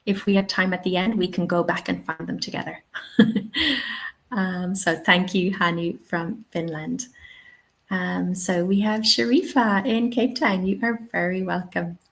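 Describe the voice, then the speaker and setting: A woman's voice: lowish voice, steady tone, unhurried, vocal fry, poor audio. A young Irish woman running a live teaching webinar, answering chat questions in a chatty, upbeat way. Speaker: TEFL webinar trainer.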